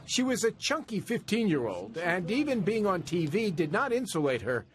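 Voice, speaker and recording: A man's voice: high voice, very animated, normal speed. Polished male news correspondent. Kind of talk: scripted narration and interview.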